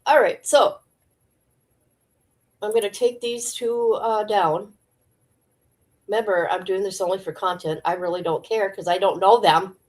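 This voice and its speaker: A woman hosts a livestream, chatting casually about celebrity gossip and speaking directly to her viewers. Her mid-range voice moves at a measured pace with long pauses.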